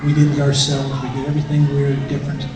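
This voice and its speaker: A man's voice: medium pitch, monotone, fast. Middle-aged man's echoey church testimony. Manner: conversational storytelling, acting out quotes. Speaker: guest speaker. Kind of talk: personal testimony to a congregation. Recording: echoey hall from far off, faint noise.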